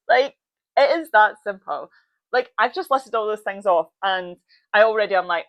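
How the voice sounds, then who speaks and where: A woman's voice: mid-range voice, animated, a little fast, no echo, poor audio. A woman in her thirties talks straight into a close microphone in a dry, dead room. She is blunt and swears freely, and she drives her points home by repeating short phrases. The delivery is a motivational solo podcast. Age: 30s. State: tearful, voice breaking with emotion. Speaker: podcast host.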